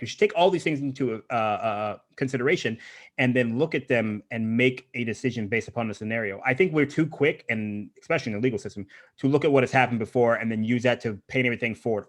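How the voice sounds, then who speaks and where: A man's voice: mid-range voice, fairly bright tone. A man hosting a podcast, talking casually and laughing often. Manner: fast, chatty, laughs often. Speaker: podcast host.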